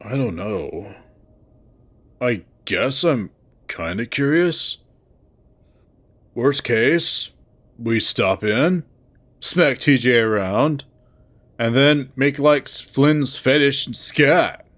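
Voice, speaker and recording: A man's voice: medium pitch, expressive, drawn-out words, long pauses, fairly bright tone, exaggerated voice. A man voicing a young male furry slacker in a visual novel, talking in a sarcastic, drawling, exasperated way. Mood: wry.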